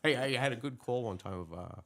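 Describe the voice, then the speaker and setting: A man, a retired police lieutenant telling lively, laughing anecdotes in a casual interview. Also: mid-range voice, brisk, gravelly. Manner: animated, laughing anecdotes, acts out voices in his stories.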